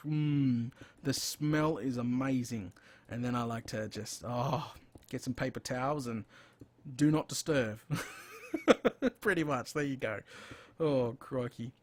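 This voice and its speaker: A man's voice: medium pitch, takes it slowly, pauses often. An Australian man hosting a casual gaming live stream, chatty and rambling, with frequent exclamations as he plays. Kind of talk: casual live-stream chat while playing.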